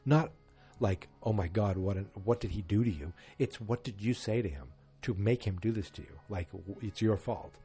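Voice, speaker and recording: A man's voice: fairly low pitch, expressive, normal speed, warm tone, faint music behind. A man hosting a casual solo podcast, retelling scenes and acting out the quotes with sarcastic asides. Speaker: podcast host.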